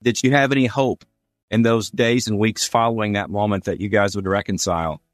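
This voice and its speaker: A man's voice: lowish voice, fairly even intonation, brisk, dry recording, clean studio sound. A man hosting a podcast who is friendly and upbeat and praises his guest. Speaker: podcast host. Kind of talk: podcast intro and interview.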